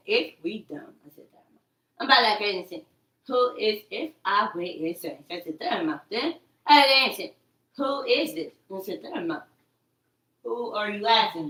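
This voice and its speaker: A woman's voice: mid-range voice, a bit bright. A woman talking in a rambling, agitated monologue, repeating herself, cursing and quoting her own words back. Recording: echoey room, far from the mic.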